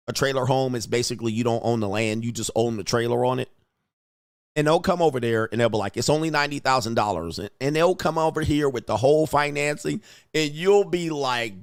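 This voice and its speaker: Blunt, animated man hosting a livestream. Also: medium pitch, dry recording, clean studio sound. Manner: blunt, animated, reads out viewer comments. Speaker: livestream host. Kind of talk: casual livestream commentary.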